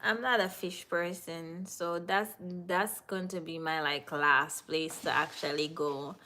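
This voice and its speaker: A woman's voice: fairly low pitch, fairly even intonation, slow, sharp tone, slight background noise. A Jamaican woman hosting a live stream, chatting casually and answering viewers in the chat. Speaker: livestream host.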